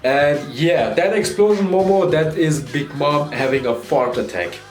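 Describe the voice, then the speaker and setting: Excited man reviewing a manga chapter. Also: on the high side, unhurried, reverberant. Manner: animated, swearing, acts out character lines.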